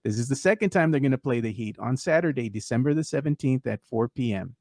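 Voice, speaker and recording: A man hosting a laid-back sports talk show, chatting in a loose, filler-heavy way. His voice sits at an ordinary male pitch. The sound is dry and close, with no room around it. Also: expressive, fast, a little mellow, no room sound. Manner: conversational, many fillers, reads fan posts aloud. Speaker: podcast host.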